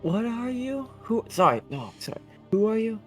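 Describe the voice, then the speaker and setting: A man playing a tabletop role-playing game, playful and quick to laugh. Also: high voice, big pitch swings, soft background music. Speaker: player. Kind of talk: tabletop role-play chat.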